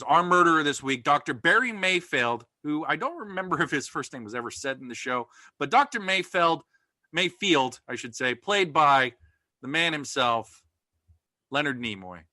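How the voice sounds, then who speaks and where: A man's voice: mid-range voice, lively intonation, moderate pace, bright, forceful tone, no room sound, studio quality. A man co-hosting a podcast, chatting casually with playful, jokey banter. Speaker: podcast co-host. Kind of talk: casual chat.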